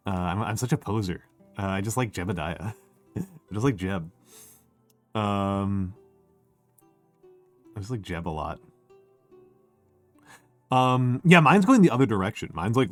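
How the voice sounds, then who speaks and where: A man livestreaming a casual chat, rambling and wry, who restarts his sentences and says he is short on sleep. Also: fairly low pitch. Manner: rambling and self-interrupting, with many fillers and restarts; wry and joking. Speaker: streamer.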